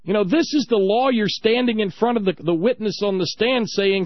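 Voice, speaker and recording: A man's voice: high-pitched, normal speed, few pauses, dry recording, lo-fi sound. A man hosting a talk radio show, ranting with indignant sarcasm.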